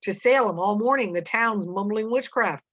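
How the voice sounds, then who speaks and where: A woman reading a stern male farmer's lines in a gruff, old-fashioned scolding manner, on a dull, dry recording. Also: mid-range voice, normal speed, fairly bright tone, no echo, voice pushed up, lightly acted.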